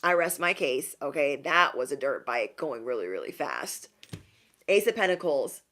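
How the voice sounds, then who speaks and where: Her voice is a bit bright and swings widely in pitch as this tarot reader moves at a moderate pace through a casual reading for her viewers. Sassy and emphatic, she repeats lines for effect and mimics other people in high, put-on voices.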